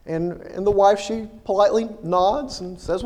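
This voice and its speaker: A male minister delivers a sermon in a halting way, full of "uh"s and repeated words as he builds his story. His voice is fairly high. A long reverb trails his words, like a large hall. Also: darkish tone.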